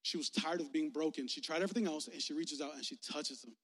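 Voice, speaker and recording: A man's voice: a little high, fast talker, fairly bright tone. A young man preaching a casual, playful sermon as youth pastor, talking with his listeners. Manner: playful, conversational, engaging the audience. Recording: echoey hall.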